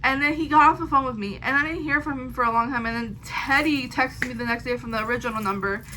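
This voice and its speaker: A woman's voice: high voice, a little hiss or hum, low-quality recording. A young woman telling a rambling personal story in a casual storytime monologue, quoting the people involved as she goes. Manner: rambling, animated, quotes people in quick asides. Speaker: storyteller vlogger.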